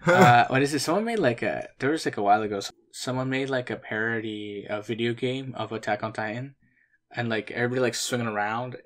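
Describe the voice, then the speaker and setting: A man's voice: medium pitch, fast talker. Dry, teasing young man in casual chat. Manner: dry, teasing, rambling with fillers. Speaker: podcast co-host.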